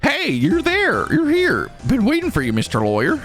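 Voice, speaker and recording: A man's voice: very high-pitched, huge pitch swings, normal speed, a bit bright, soft background music, voice pushed up, heavily acted. A man voicing a brash, demanding woman with a Southern US drawl.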